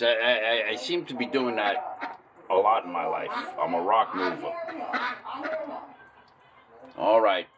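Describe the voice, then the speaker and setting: A man casually rambling in a vlog outdoors in his yard, playfully talking to his ducks. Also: on the low side. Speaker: backyard farm vlogger. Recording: loud outdoor noise with fowl. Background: loud ducks quacking.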